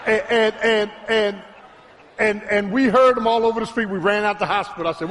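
Pastor, male, high and animated voice, preaching in a reverberant church hall. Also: moderate pace, slight background noise. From Philadelphia. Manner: preaching with call-and-response, rising to shouts; drops to a low, quiet storytelling voice. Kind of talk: sermon. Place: church sanctuary.

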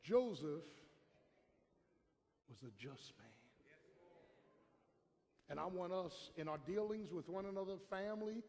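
A middle-aged pastor preaching a storytelling sermon with call-and-response. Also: male voice, high voice, expressive, a little slow, long pauses, darkish tone. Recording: long hall reverb, faint room noise.

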